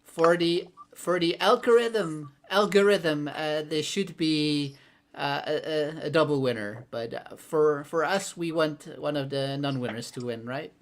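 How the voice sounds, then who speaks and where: A man co-hosting a casual livestream, relaxed and laughing often, with lots of fillers. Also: fairly high pitch, unhurried. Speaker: co-host.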